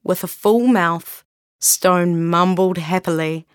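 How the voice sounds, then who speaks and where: A woman reading a children's story aloud in a gentle, unhurried storytelling manner. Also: medium pitch, no room sound, studio quality.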